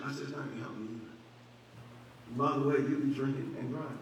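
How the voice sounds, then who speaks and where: A man's voice: medium pitch, steady tone, brisk. A man preaching a sermon as pastor, building emphasis and acting out conversations. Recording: very echoey hall, mic far off, faint hum.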